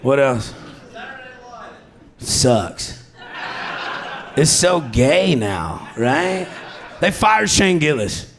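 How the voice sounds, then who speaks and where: A man's voice: medium pitch, very animated, very slow, long pauses. A man doing an improvised stand-up set on a comedy club stage, crude and rowdy, laughing through his jokes into a handheld mic. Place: comedy club stage before a live audience.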